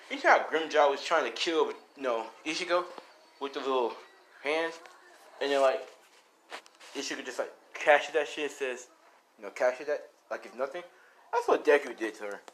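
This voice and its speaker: A man's voice: mid-range voice, fairly bright tone, a little hiss or hum, poor audio. A man casually telling a fan story, rambling, with lots of fillers and swearing.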